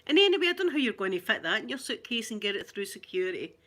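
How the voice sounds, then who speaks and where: A woman's voice: medium pitch, sing-song, fast, bright, forceful tone. A Glaswegian woman hosting a casual live chat, chatty and rambling, laughing often. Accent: Glaswegian Scottish. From Glasgow, Scotland.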